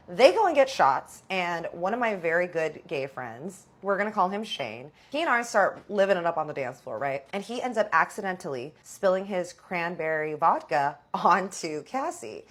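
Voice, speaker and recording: A woman's voice: lowish voice, big pitch swings, moderate pace, hardly any pauses. A young adult woman telling a dramatic personal story in a casual vlog, swearing freely. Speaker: storyteller vlogger.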